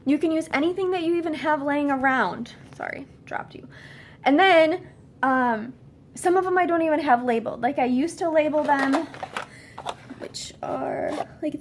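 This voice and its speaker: Chatty high-voiced woman, hurried tips. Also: slight background noise. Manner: chatty, hurried, with fillers and restarts. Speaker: direct-sales consultant. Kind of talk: casual how-to video.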